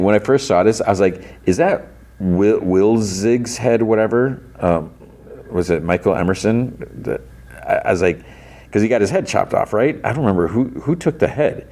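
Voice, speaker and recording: A man's voice: fairly low pitch, lively intonation, normal speed, a little mellow. A man hosting a podcast, retelling an episode in a casual, rambling way full of "like" and restarts. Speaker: podcast host.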